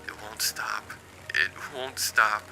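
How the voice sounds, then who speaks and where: Give me a bone-tired young guy murmuring over the phone in a low, hushed, hopeless voice, every word drained of fight, as a male narrator puts him on for a spooky storybook reading, with soft music lingering faintly behind. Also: fairly even intonation, moderate pace, low-quality recording. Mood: frightened. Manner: hushed, weary, near-whispered. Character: exhausted, despairing young man on the phone.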